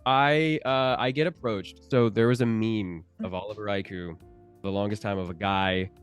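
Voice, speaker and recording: A man's voice: lowish voice, fairly even intonation, moderate pace, smooth, soft background music. A man telling laid-back stories on a virtual convention panel, laughing as he goes. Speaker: voice actor panel guest. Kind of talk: casual convention panel storytelling. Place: online video call.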